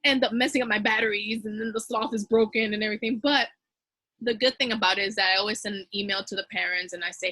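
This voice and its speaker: A woman teacher talking fast and casually to fellow teachers, giving advice in a chatty way. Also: medium pitch, sharp tone, dry recording.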